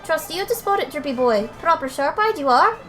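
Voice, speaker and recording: A woman's voice: high-pitched, expressive, brisk, a bit bright, soft background music, pitched above the performer's own voice. A woman voicing a cheeky small male fairy sidekick in a game, with a put-on Welsh accent and a blunt, folksy way of talking. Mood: explaining.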